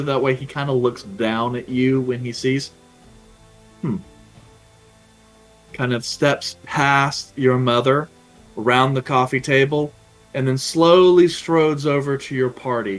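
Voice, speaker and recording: A man narrating a tabletop game as game master, in an unhurried way full of small fillers. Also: mid-range voice, rough recording.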